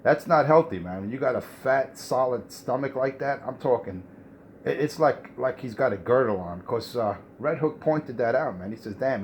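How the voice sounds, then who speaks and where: A man's voice: mid-range voice, a little mellow, slight background noise. A man on a CB radio mocking and lecturing another operator, repeating "man" as he talks. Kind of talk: trash-talking radio banter.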